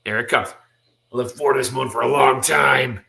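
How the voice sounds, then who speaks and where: A man doing Sabretooth, loud and gloating. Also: medium pitch, fairly even intonation, a little fast, vocal fry. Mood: savage. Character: brutal savage male mutant brute. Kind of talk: comic read-through acting.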